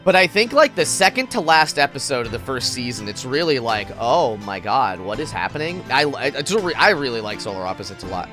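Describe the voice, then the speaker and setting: A man's voice: mid-range voice, sing-song, fast talker, hardly any pauses, music in the background. A man streaming a mystery game, chatting playfully with giggly, rambling asides. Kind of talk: casual gaming commentary.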